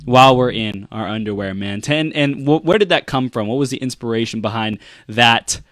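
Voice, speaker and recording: A man hosting a podcast interview in a relaxed, encouraging way, backing his guest up with short affirmations. The recording is close and dry, with no room sound. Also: mid-range voice, moderate pace, no room sound. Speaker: podcast host. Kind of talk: casual interview chat.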